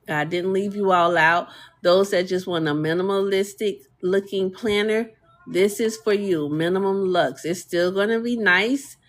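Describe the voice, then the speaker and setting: A woman hosting a casual live tutorial, chatting with viewers and reading their comments aloud, with easy fillers and laughter. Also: fairly low pitch. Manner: chatty, talks to viewers and reads chat aloud. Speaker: live stream host demonstrating a design tool. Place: home desk, streaming live.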